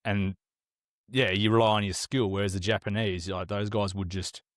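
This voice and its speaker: Laid-back Australian man, low voice. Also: steady tone, normal speed, dry recording, studio quality. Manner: laid-back, easygoing storyteller, swears casually. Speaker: podcast co-host. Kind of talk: casual chat.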